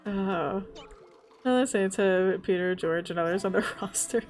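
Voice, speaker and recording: A woman's voice: medium pitch, a little slow, a little mellow, faint music behind. A young woman from the States, chatting casually as a game streamer, laughing often and swearing freely. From Southern United States. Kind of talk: casual chat while gaming.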